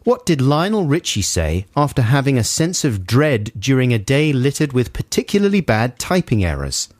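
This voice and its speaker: A man's voice: medium pitch, sing-song, normal speed, darkish tone, no room sound. A man co-hosting a radio show who teases and mock-scolds listeners while reading their jokes. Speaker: radio co-host. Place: radio studio.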